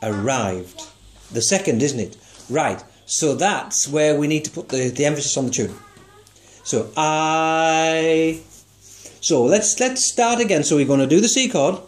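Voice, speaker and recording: Very animated and slightly high-voiced, with a darkish tone, a man coaches songwriting one to one at a moderate pace. He encourages patiently, guides with questions, and sings snippets of notes to show how the tune goes.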